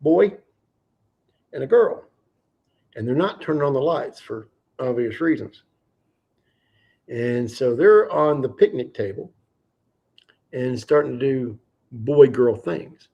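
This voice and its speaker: A man hosting a livestream, telling a fishing story in a casual, animated and profane way. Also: mid-range voice, takes it slowly, long pauses, slightly rough, muffled recording. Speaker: livestream host.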